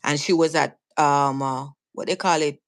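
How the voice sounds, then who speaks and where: A woman's voice: low-pitched, fairly even intonation, normal speed. A woman with a Jamaican accent, a guest telling her own story in casual talk, earnest and vivid, often restarting and repeating words. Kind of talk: casual storytelling on a live stream.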